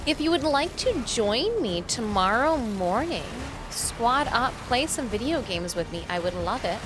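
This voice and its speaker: A woman's voice: on the high side, big pitch swings, measured pace, noisy background. A woman streaming a game live, chatting in a bubbly, apologetic way with her viewers. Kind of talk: casual live-stream chat.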